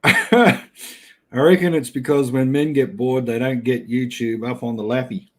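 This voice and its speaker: A middle-aged Australian man yarns away on a casual live stream, reading out the chat. He talks in a relaxed, blokey drawl at an everyday pitch and laughs easily between his lines. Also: a little slow. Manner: laid-back, laughs often, blokey slang. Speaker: livestream host reading chat.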